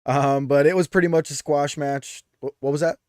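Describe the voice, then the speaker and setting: A man's voice: a little high, fairly even intonation, normal speed, no echo, studio quality. A man co-hosting a podcast in casual chat, talking loosely with frequent fillers and restarts. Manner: chatty, with many "um"s and restarts. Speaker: podcast co-host.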